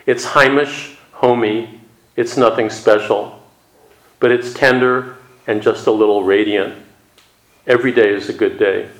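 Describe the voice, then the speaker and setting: A man giving a Zen dharma talk, calm and reflective with a gently wry humor. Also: lowish voice, unhurried, long pauses. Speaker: Zen teacher. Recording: echoey room.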